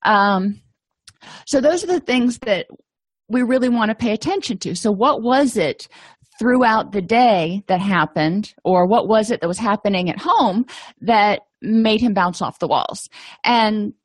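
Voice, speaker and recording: A woman's voice: mid-range voice, expressive, measured pace, dry recording. A middle-aged woman presenting an educational lecture in a conversational, anecdotal way, with frequent fillers.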